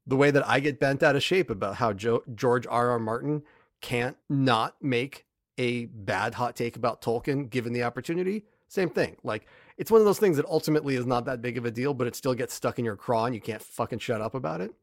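A man's voice: medium pitch, fairly quick, no room sound, studio quality. A man in his thirties co-hosting a podcast, talking casually and ranting emphatically about a show. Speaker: podcast co-host. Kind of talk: casual chat.

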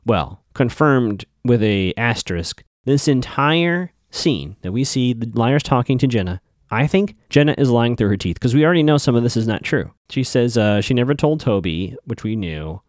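A man talks through a TV episode in a loose, chatty podcast recap, and his pitch swings a lot as he goes. The sound is dry and close, with no room echo. He throws in skeptical, opinionated asides. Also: animated, moderate pace. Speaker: podcast host.

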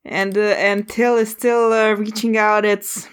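A woman running a tabletop game as game master, describing scenes haltingly and calling for dice rolls. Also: medium pitch, level tone, clear, resonant tone.

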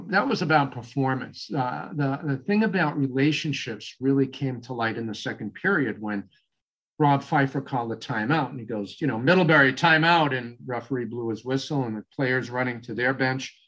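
A man in his sixties with a Boston accent, a coach telling a long story as a guest in an interview, rambling with many fillers and restarts. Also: mid-range voice. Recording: dull, muffled audio.

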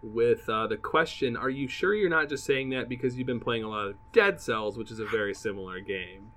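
A man's voice: mid-range voice, fairly quick, fairly bright tone. A man co-hosting a podcast in casual chat, joking and teasing his friends. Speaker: podcast co-host.

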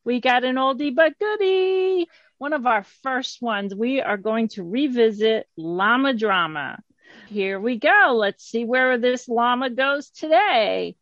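An upbeat woman hosts a group storytelling game, encouraging the others. Her voice is high and unhurried. The sound is dry and a bit dull. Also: animated, a bit bright, no room sound. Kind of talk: casual improv chat.

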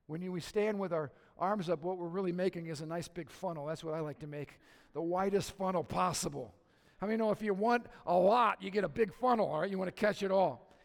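Man preaching in a reverberant church hall. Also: high voice. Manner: conversational preaching with audience questions and humor; swings from soft and hushed to loud and emphatic. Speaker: pastor. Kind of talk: sermon. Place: church sanctuary.

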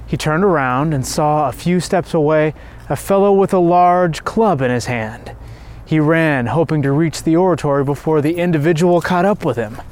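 Reverent male narrator, slightly high voice. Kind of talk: scripted narration of a devotional story.

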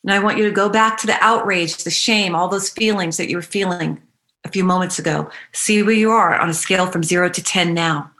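A woman guides a tapping meditation, calling out points with slow, soothing, repeated cues. Her voice sits slightly low for a woman, yet has a bright, forward edge. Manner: playful bursts of animal noises and laughter. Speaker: EFT tapping coach.

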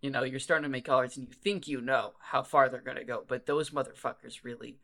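Bright-voiced rambling podcast co-host. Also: male voice, medium pitch, steady tone, fast talker, gravelly. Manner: rambling, laughing, many restarts. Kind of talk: casual chat.

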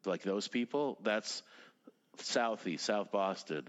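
A man's voice: fairly low pitch, animated, slow pace, a bit bright, long reverb tail. A man in his fifties, a native Russian speaker, rambling casually as an interview guest, with lots of fillers, restarts and swearing. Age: 50s. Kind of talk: casual conversation.

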